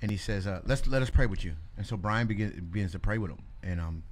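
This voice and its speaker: Animated man telling a faith story. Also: on the low side, quick pace. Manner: animated storyteller who acts out quoted voices. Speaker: guest. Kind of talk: casual faith conversation.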